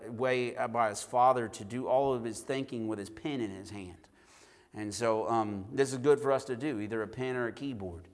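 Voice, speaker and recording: Brief: male preacher, mid pitch, earnest sermon delivery with frequent restarts, hall reverb. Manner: earnest, repeats words and restarts often.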